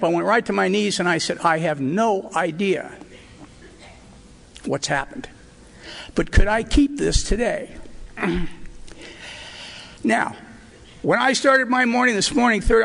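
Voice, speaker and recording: A man's voice: sits high, creaky, fairly bright tone. An older man sharing his personal recovery story at a meeting, earnest and emotional, with wry asides. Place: hotel meeting hall. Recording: reverberant hall recording.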